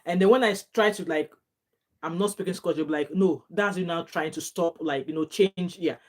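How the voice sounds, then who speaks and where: A woman's voice: on the low side, fairly quick. A middle-aged woman with a Nigerian accent, chatting casually as a vlogger, reading out viewer comments and reacting with frequent laughter and bits of Pidgin. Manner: chatty and animated, laughs often, drops into Nigerian Pidgin phrases. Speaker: gossip vlogger.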